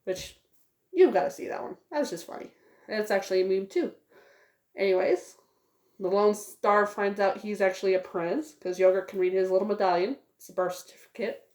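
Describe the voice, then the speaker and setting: A woman's voice: mid-range voice, brisk, darkish tone. Rambling woman reviewing a movie, echoey room. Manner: rambling, with many fillers. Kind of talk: casual spoken movie review.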